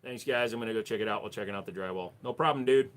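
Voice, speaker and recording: A man's voice: lowish voice, very fast, a little hiss or hum. A man with a Minnesota accent, casually answering viewer questions on a livestream in a blunt, profane way.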